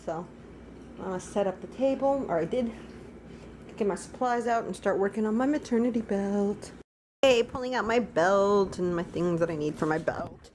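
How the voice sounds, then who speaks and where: A woman's voice: medium pitch, normal speed, a little mellow, a little hiss or hum. A young woman chatting through a casual daily vlog at home, rambling and talking to her dogs. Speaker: vlogger. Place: at home, indoors.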